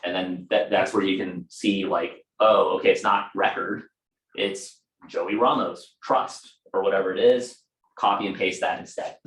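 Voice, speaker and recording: A man's voice: low-pitched, fairly even intonation, a little slow, fairly bright tone, roomy sound, low-quality recording. A man running a casual real estate training session for a small group, talking conversationally with fillers and asides.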